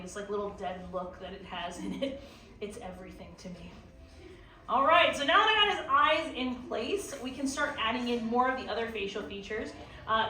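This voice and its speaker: A woman's voice: on the high side, bright, forceful tone, slight background noise. A young woman who teaches art, leading a live drawing class, chatty and playful, with lots of fillers. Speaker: art instructor. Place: theme park art classroom with audience. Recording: echoey room from far off.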